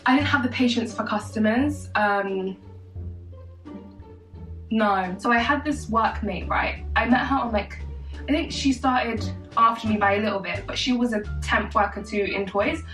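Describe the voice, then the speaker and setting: A twentysomething woman vlogger tells a casual story while getting ready, chatty and sassy, tossing in self-mocking asides. Her voice is fairly high, a bit bright, at a normal speed. The room is echoey, the mic sits far away, and faint music plays behind her.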